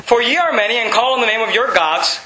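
A man preaching a sermon, reading scripture and mocking false worship with shouted impressions and laughs. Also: very high-pitched, animated, quick pace, roomy sound, a little hiss or hum, rough recording. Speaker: pastor.

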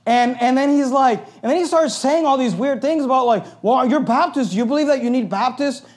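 Loud, high-voiced middle-aged male pastor. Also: brisk. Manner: loud, emphatic delivery; conversational storytelling with asides. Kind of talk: sermon with personal anecdote.

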